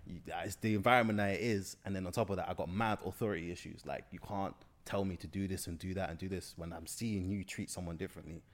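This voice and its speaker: Young London guy, casual guest, a bit low-pitched, loose slangy rambler who restarts his sentences. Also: steady tone, quick pace, few pauses. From South London. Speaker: guest filmmaker. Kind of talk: casual interview chat.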